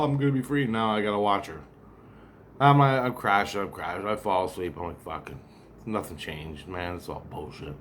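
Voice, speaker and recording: A man's voice: lowish voice, slight background noise. A man talking straight to the camera in a rambling, profane monologue that keeps doubling back and repeating itself. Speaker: vlogger.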